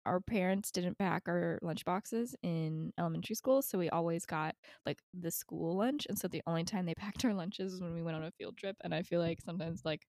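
A woman's voice: on the low side, fairly quick, few pauses, darkish tone, no room sound, studio quality. A young woman co-hosting a podcast, chatting casually and rambling with frequent laughs. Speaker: podcast co-host. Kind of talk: casual chat.

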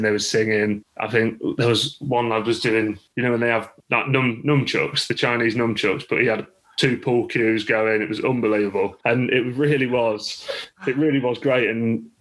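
English male rugby coach guest, chatty storyteller, level and even delivery. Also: medium pitch, poor audio. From England. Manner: chatty, with many restarts and laughs. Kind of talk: casual interview storytelling.

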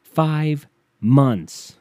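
A man's voice: medium pitch, extremely slow, mellow, no room sound. A young man from Ohio hosting a solo podcast, rambling, swearing and mocking himself, on a headset mic. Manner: profane, self-mocking, rambling. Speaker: podcast host.

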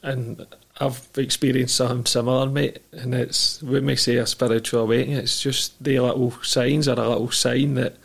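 A man's voice: medium pitch, little pitch movement, normal speed, creaky, slightly rough. A man hosting a casual interview, asking questions in a supportive, conversational way. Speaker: podcast host.

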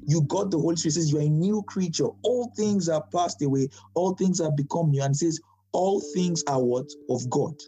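A man's voice: a little high, moderate pace, warm tone. A man giving a verse-by-verse Bible teaching in a conversational way, repeating key phrases for emphasis and putting questions to his listeners.

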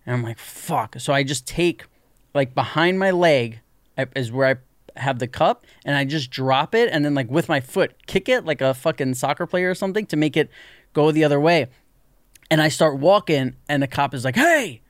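Forties New man, podcast co-host, crude lively storyteller, dry close sound. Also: a little high, moderate pace, dry recording. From New York. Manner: profane, animated storyteller. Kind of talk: casual chat, storytelling.

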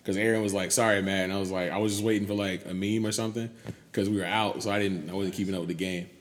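A man chats casually as a podcast co-host, joking and teasing. His voice sits low, and the recording carries a long reverb with a faint noise floor. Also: steady tone, rapid-fire. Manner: playful, drops into a low sultry crooning voice. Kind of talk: casual chat.

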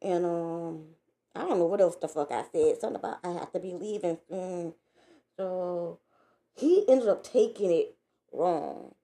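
Woman venting her story, lots of cussing, dark gravelly voice. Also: fairly low pitch, unhurried. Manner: blunt, profane, animated retelling. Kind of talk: casual storytelling vlog.

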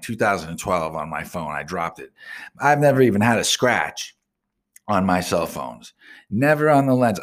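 Male radio host, low-ish voice, foul-mouthed rambling rant with sudden indignant shouts. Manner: profane, ranting, swears constantly; bursts into loud indignant outbursts.

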